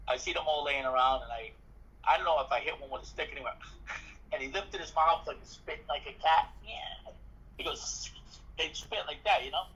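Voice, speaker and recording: A man with a husky, rather high voice tells a story in an interview, acting out the lines of the people in it and swearing freely. His tone is bright and edgy, and the recording sounds dull and lo-fi. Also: normal speed. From New York City. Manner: animated, acts out dialogue, swears freely. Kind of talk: casual storytelling.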